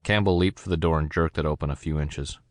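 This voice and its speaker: A male narrator reads a novel aloud in steady scripted narration. His voice sits extremely low. The sound is dry and close, with no room in it. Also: quick pace, dry recording. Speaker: audiobook narrator.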